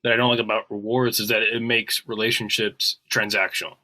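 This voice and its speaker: A man's voice: on the low side, flat delivery, brisk, sharp tone, poor audio. A man co-hosting a casual podcast, talking earnestly and often tagging his points with a questioning "right?". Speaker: podcast co-host.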